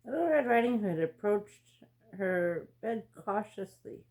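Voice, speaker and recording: A woman reads a children's fairy tale aloud in a slow, deliberate way. Her fairly high voice swings widely in pitch, giving the story an animated lilt. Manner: slow, expressive read-aloud delivery.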